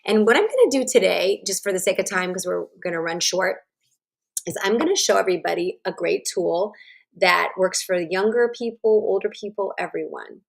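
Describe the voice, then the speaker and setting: A woman teaching self-regulation and guiding a slow breathing exercise, with a gentle, instructive manner. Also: mid-range voice, animated, gravelly. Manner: gentle, instructive, checks in with "right?". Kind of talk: guided breathing lesson. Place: online summit stream.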